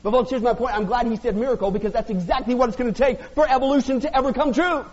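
In dull lo-fi audio with a long reverb from the church hall, a male pastor delivers a joking, sarcastic sermon to his congregation. His very high-pitched voice races along with a breathy edge.

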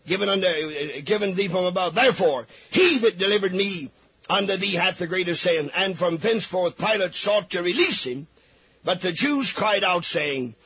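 A man's voice: sits high, lively intonation, moderate pace, fairly bright tone, breathy edge, no room sound. A man preaching a fervent sermon, reading scripture aloud and pleading with his listeners.

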